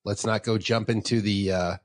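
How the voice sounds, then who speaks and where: Host: man with a lowish voice, chatty, quick with jokes. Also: steady tone. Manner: joking, chatty, talks over the guest. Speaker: interview host, fellow veteran. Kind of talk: casual chat.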